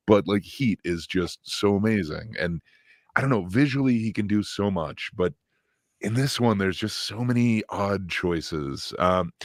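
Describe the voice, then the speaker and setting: A man's voice: sits low, no room sound, studio quality. A man co-hosting a podcast, giving a rambling, hesitant film review full of fillers and restarts. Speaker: podcast co-host reviewing films. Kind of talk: casual film review chat.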